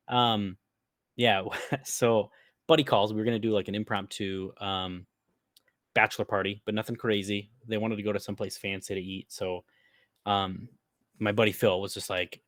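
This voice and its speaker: A man's voice: fairly low pitch, steady tone, normal speed, a bit bright, no room sound, clean studio sound. A man with an Upper Midwest American accent, casually telling a long prank story on a podcast, laughing and swearing as he goes. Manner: rambling, swears freely, laughs while telling. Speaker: podcast co-host.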